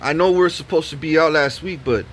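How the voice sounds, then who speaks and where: A woman's voice: low voice, brisk, slight background noise, voice pushed up, natural voice. A man voicing a flustered woman tenant who stammers and pleads while being evicted. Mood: flustered pleading.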